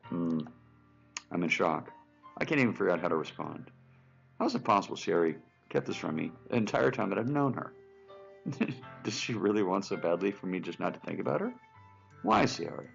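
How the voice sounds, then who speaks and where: A man's voice: sits low, big pitch swings, brisk, vocal fry, long pauses. A man hosting a let's play, joking around and reading story lines in a dramatic way. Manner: laughing, jokey, reads story lines dramatically. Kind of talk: casual game commentary and reading aloud. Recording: dull lo-fi with music behind.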